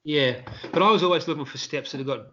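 An Australian man, a street performer, telling rambling, animated anecdotes in a casual interview. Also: a little high, fast, muffled recording, a little hiss or hum.

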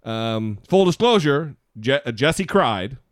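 Animated, self-mocking male podcast host. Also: medium pitch, takes it slowly, no room sound, studio quality. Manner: animated, self-deprecating, rambling. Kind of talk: casual podcast chat.

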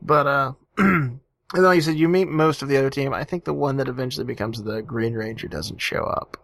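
A man's voice: medium pitch, brisk, gravelly, a bit bright. A man co-hosting a podcast in casual chat, sarcastic and profane. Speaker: podcast co-host.

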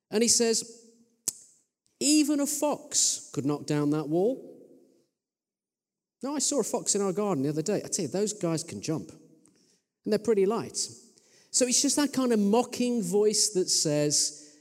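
Pastor preaching in a reverberant hall. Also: male voice, sits high. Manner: lively, joking asides to the congregation. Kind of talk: sermon. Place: large church hall.

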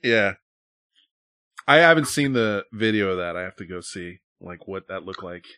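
Male podcast host, loose rambling banter with a bright, lively voice. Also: sits low, normal speed, smooth, no room sound, clean studio sound. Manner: laughing, rambling, swears freely. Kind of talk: casual chat.

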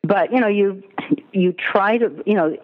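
A woman who works as a literary agent talks through her job in a casual, chatty interview, her mid-range voice moving at a measured pace and peppered with "you know" and "I mean." The audio comes over a tinny phone line with long reverb.

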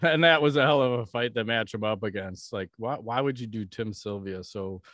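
A man's voice: on the low side, moderate pace, fairly bright tone, dry recording, studio quality. A man co-hosting a podcast, chatting casually in a blunt, profane, joking way. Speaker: podcast co-host. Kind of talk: casual chat.

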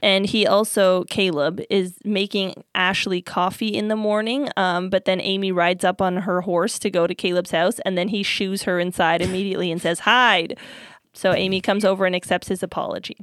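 A woman's voice: mid-range voice, flat delivery, fairly quick, few pauses, clear, resonant tone, dry recording. A woman co-hosting a podcast, casually recapping plot points with dry asides. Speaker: podcast co-host. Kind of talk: casual chat recapping a TV show.

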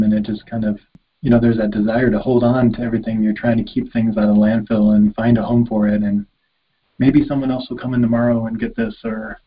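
A man's voice: medium pitch, husky. A man hosting a podcast interview, asking questions and affirming his guest sympathetically. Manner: sympathetic, affirming, with easy laughs. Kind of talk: casual interview chat. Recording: slightly muffled, dull audio.

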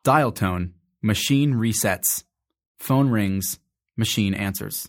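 A man reading stage directions aloud in a matter-of-fact, measured way during a stage play reading. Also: lowish voice.

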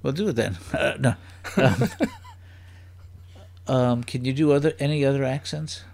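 A man's voice: mid-range voice, normal speed, gravelly, darkish tone. A man chatting as a guest on a comedy podcast, rambling and curious, firing off playful questions. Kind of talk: casual podcast chat.

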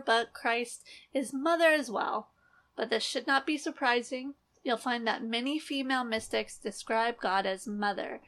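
A woman's voice: fairly high pitch, a bit bright. Sarcastic, critical woman host. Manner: critical, openly sarcastic and frustrated. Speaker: podcast host, Christian teaching critic. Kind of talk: scripted commentary reading quotes.

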